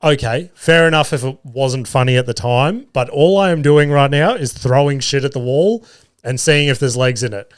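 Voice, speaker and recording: A young podcast host with a smooth, medium-pitched voice at normal speed tells a long, funny story. It's casual storytelling, full of swearing and laughter.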